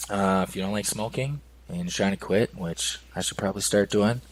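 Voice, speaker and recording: Podcast host, man, low voice, casual and laughing, drops swear words. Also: fairly quick, low-quality recording.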